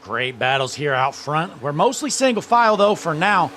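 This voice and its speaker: Excitable sim racing play-by-play man. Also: on the high side, normal speed, a little hiss or hum. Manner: excited, raising his voice at the green flag. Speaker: race commentator.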